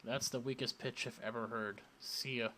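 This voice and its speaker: Welsh male let's play host, wry casual commentary, mid pitch, faint background noise. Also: fairly even intonation, normal speed, sharp tone. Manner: wry, offhand, mumbling asides.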